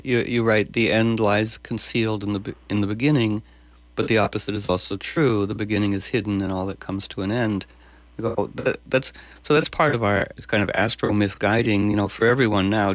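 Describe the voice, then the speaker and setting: A male host talking in an excitable, stumbling way, full of restarts. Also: lowish voice, no room sound. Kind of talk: conversational interview.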